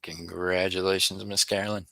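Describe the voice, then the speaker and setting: A man, hosting a casual coin-hunting livestream and chatting to viewers, excitable over each find and quick to apologize. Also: low-pitched, gravelly, no room sound. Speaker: livestream host searching coin rolls.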